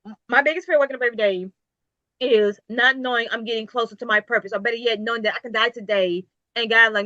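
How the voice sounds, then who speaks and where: Interview guest: woman, business owner, bright, dry dull lo-fi sound, emphatic motivational delivery. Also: a little high, fairly even intonation, quick pace, no room sound. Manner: emphatic, repetitive, preachy motivational. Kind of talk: casual interview talk.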